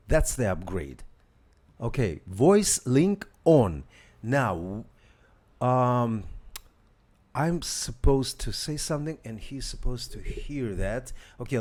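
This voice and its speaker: A man's voice: mid-range voice, a little mellow. Hesitant man demoing a gadget. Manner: hesitant, many fillers and restarts, talks to viewers. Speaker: tech demo host. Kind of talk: casual live demo.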